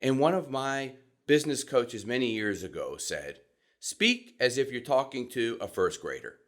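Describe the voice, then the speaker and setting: Calm Southern US man coaching voice. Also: mid-range voice. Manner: calm, measured and deliberate, demonstrating vocal examples. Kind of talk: instructional talk.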